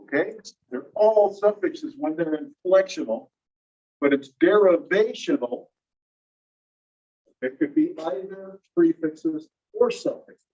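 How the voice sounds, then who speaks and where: Teacher lecturing a class, phone-recorded. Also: male voice, on the high side, takes it slowly, pauses often, darkish tone. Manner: explains step by step, quizzes students. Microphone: phone across the room. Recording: dull phone recording from a distance.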